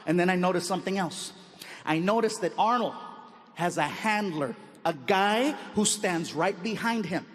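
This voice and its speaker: A male comedian telling an animated stand-up story on stage, acting out scenes and yelping. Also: high-pitched, moderate pace, in a large hall.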